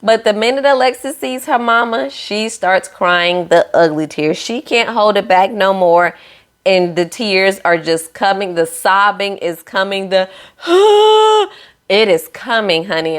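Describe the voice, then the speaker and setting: A woman's voice: mid-range voice, a bit bright. A woman recapping a reality show in a chatty, sassy way, with playful asides to her viewers.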